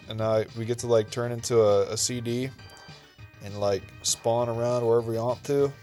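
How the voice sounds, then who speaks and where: Rambling and relaxed, a retro gaming channel host talks through gameplay in a lowish, slightly mellow voice. "Dude" and "okay" come up again and again.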